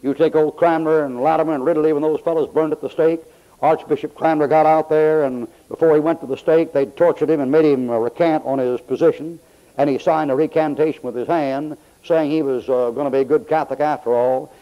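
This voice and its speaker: A man's voice: fairly high pitch, fairly even intonation, brisk. An older man preaching a sermon in a folksy, storytelling way. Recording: dull lo-fi old tape.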